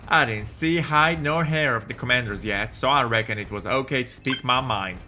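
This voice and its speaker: A man's voice: medium pitch, moderate pace, pushed and bright, soft background music. A man voicing a plucky young male soldier with a put-on Southern US accent, reading game dialogue aloud in a folksy drawl with homespun sayings. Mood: startled.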